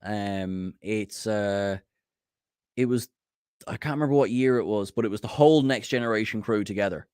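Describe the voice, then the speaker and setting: A man's voice: on the low side, normal speed, a little mellow, clean tone, no room sound, studio quality. A man co-hosting a podcast, talking casually with many hesitations and fillers. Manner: hesitant, filler-heavy talk. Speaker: podcast co-host on a charity stream. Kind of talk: casual chat.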